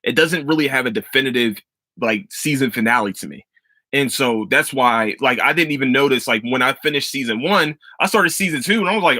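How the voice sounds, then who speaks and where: A man hosting a casual solo podcast, talking loosely and excitedly with plenty of swearing. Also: mid-range voice, moderate pace, dry recording. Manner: loose, profane, excitable storytelling. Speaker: podcast host.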